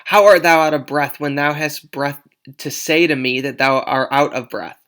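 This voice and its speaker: A man's voice: fairly high pitch, moderate pace, clean tone, lightly acted. A man voicing Juliet, an impatient young girl, reading her lines aloud with urgent, pleading emphasis. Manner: pleading, urgent, louder than usual. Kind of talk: dramatic read-aloud of a play.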